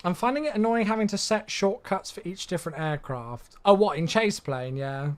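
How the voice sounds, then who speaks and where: A man's voice: high voice, lively intonation, moderate pace. A man streaming a flight simulator, chatting in an easygoing way and answering viewers' questions aloud, a bit sleepy and yawning. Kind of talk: casual live-stream chat.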